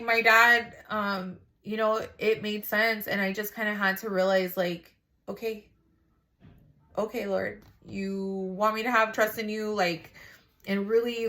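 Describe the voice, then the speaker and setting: A woman's voice: medium pitch, bright, forceful tone. A mother sharing a casual faith testimony, rambling and frank, with lots of "like" and some swearing.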